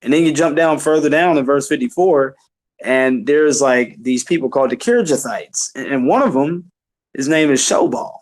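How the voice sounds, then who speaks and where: A man's voice: mid-range voice, moderate pace. Guy rambling about bible verses, asks lots of rhetorical questions, says like and you know a lot. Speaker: vlogger discussing scripture. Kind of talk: casual talk on scripture.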